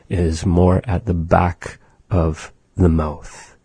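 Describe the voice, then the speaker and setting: Low husky-voiced man teaching. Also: flat delivery, mellow, dry recording. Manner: patient, explanatory, demonstrates sounds slowly. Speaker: language teacher. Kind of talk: recorded language lesson.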